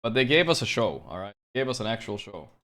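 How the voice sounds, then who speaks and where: A man co-streaming a live match, reacting in casual, excitable talk and swearing often. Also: fairly low pitch, fast talker.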